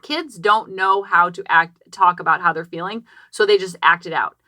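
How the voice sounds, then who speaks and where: Bright-voiced chatty mom podcaster. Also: female voice, fairly low pitch, moderate pace, no room sound. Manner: chatty and animated, acting out quotes, many "like" fillers. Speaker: parenting podcast host. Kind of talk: personal storytelling. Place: small closet. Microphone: podcast microphone.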